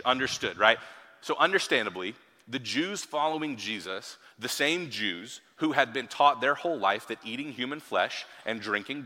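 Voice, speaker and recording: Male pastor, sermon, casual and chatty, crisp bright tone, long hall reverb. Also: mid-range voice. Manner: conversational, with frequent rhetorical "right?" asides. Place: church hall.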